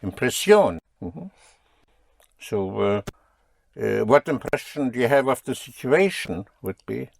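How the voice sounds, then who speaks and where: A man's voice: medium pitch, lively intonation, measured pace, gravelly, long pauses, slight background noise. A man teaching a language lesson, patiently quizzing his students and explaining rules. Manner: patient, drilling students with questions.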